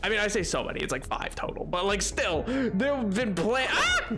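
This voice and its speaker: Chatting casually with her viewers, this livestream host has a mid-range, sing-song voice with a sharp tone and speaks at normal speed. She greets people playfully, reads the chat out loud, and keeps breaking into laughs and mock exclamations over a faint music playlist.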